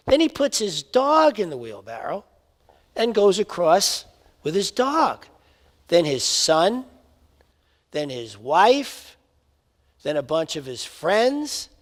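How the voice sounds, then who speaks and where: Emphatic male minister preaching, highly animated, sound of a big reverberant hall. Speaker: spiritual minister. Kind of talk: sermon.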